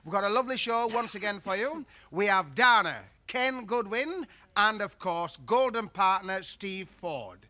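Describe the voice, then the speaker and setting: Chummy game show host. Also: male voice, high voice, animated, unhurried, sharp tone. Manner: jokey, chummy, calls everyone love and flower. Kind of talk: broadcast game show hosting. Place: TV studio with live audience. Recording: old broadcast tape with audience and hiss. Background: studio audience.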